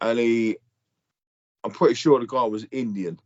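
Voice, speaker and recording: A man's voice: medium pitch, steady tone, moderate pace, darkish tone, muffled recording. A middle-aged man, telling blunt, sweary stories in casual podcast chat. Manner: blunt, sweary ranting storyteller. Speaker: podcast co-host.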